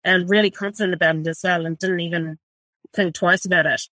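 A middle-aged New Zealand woman with a lowish voice talks about her life as a chef in a loose, rambling interview manner, swearing freely and leaning on fillers. The recording is dry and close, with no room sound. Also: fairly even intonation, a little fast, sharp tone, dry recording. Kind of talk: casual interview.

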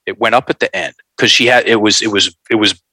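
A man telling a story in an animated, folksy way, calling his listeners folks. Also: on the low side, fast, gravelly, slightly rough, no room sound, low-quality recording. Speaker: guest.

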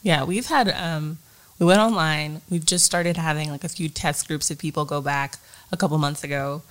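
Low-voiced laughing young woman. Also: fairly even intonation, normal speed, fairly bright tone. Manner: laughing, storytelling, quotes herself. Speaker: podcast co-host, teacher. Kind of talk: casual chat.

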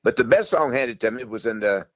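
Quick-talking older man telling stories. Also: mid-range voice, lively intonation, fairly bright tone, no room sound, dull audio. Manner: rambling, folksy, repeats himself. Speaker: guest, country singer. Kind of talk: storytelling interview.

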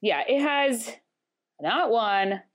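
A woman's voice: on the high side, lively intonation, extremely slow. A woman co-hosting a podcast, telling rambling stories in a dry, wry casual chat. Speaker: podcast co-host.

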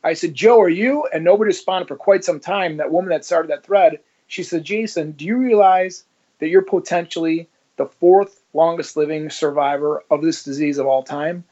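A man's voice: fairly high pitch, normal speed, lo-fi sound. A man, a former police officer, being interviewed and telling his story in a conversational way, acting out the dialogue. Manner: animated, acts out dialogue in his stories.

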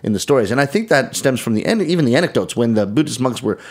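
A middle-aged man appears as a guest storyteller on a podcast interview, speaking quickly with an expressive, medium-pitched voice. He explains things thoughtfully but often restarts his sentences.

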